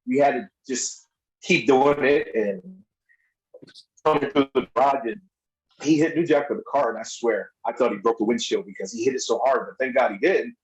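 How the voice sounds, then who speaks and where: A man telling stories in a loose, lively way, jumping into raised voices when he quotes people. He laughs a lot as he goes. The recording sounds a little dull and lo-fi. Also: mid-range voice, moderate pace. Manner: animated storyteller, acts out others' lines in raised voices, laughs often. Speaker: podcast guest. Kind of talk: casual storytelling.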